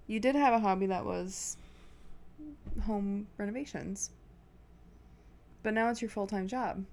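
Woman, thirties, podcast guest, dry wry humor, relaxed conversational tone at home. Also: mid-range voice, unhurried, gravelly. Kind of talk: casual chat.

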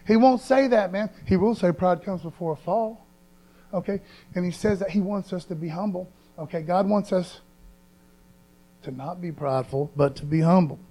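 A man's voice: sits high, a little fast, a little mellow, poor audio. A man preaching a sermon as pastor, in a folksy, conversational way, reading scripture with emphasis.

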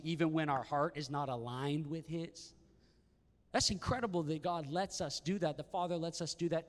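A man preaching a sermon, asking the room questions and acting out the lines of the people in the story. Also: on the high side. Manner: animated, rhetorical questions, acts out the brothers' lines. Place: church sanctuary. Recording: reverberant church hall.

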